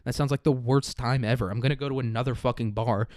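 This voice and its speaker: A man's voice: medium pitch, steady tone, quick pace, darkish tone, no room sound. A man hosting a casual commentary podcast, ranting with profane sarcasm and laughing at his own jokes. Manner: profane, sarcastic, mocking mimicry.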